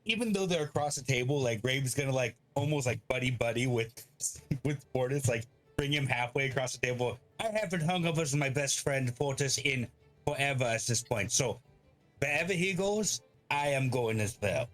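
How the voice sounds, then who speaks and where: A man's voice: mid-range voice, expressive, normal speed, fairly bright tone. A man at a tabletop game rambles and jokes between turns, his voice sitting in a plain middle register. Faint music drifts underneath. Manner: rambling, joking, laughs along. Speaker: player. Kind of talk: in-character tabletop play.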